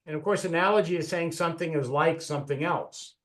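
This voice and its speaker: A man with a fairly high voice leads a speaking-club lesson on how to be funny. He talks over a video call in a loose, chatty way, often restarting and correcting himself as he tells his stories. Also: a little fast, a bit bright. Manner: chatty storyteller, frequent restarts and self-corrections.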